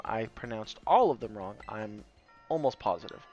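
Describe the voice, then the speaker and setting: A man's voice: fairly low pitch, animated, moderate pace, a little mellow. A man casually joking his way through a video game as let's play host, in a slightly muffled recording with faint game music behind. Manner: joking, playful, chatty. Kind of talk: casual gameplay commentary.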